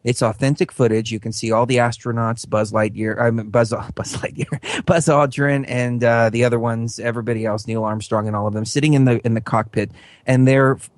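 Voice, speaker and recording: A man's voice: medium pitch, steady tone, brisk, no room sound. Earnest, rambling male radio guest. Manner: earnest, rambling, many fillers and restarts. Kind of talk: casual explanatory talk.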